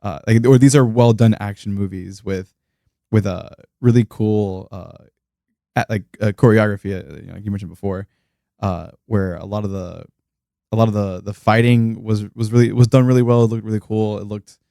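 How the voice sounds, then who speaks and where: A man's voice: fairly low pitch, fairly even intonation, gravelly, mellow, no room sound, studio quality. A man on a podcast talking casually about movies, hesitant and searching for words. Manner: halting, many fillers and restarts. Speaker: podcast co-host.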